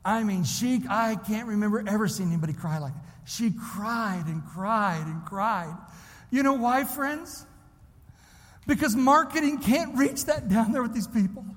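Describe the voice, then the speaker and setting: A high-voiced man from Illinois preaches, drifting between hushed, tender storytelling and fervent cries to the congregation. His voice rings with the long reverb of a large church hall. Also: a little slow. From Illinois, USA. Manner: emotional storytelling that swells into impassioned preaching. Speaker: preacher at a missions convention. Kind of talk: sermon.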